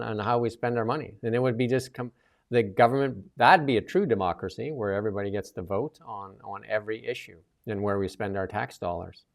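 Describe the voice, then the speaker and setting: A man hosting a casual political talk show, rambling with many restarts and fillers. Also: medium pitch. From Canada. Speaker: host.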